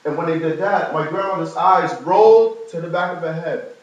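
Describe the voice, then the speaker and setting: A man's voice: normal speed, lo-fi sound. Man telling a story in an echoey hall. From New York. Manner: storytelling, humorous asides, animated rises in pitch. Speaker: speaker giving a testimony. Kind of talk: personal testimony to a live audience. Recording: very echoey room, from far off.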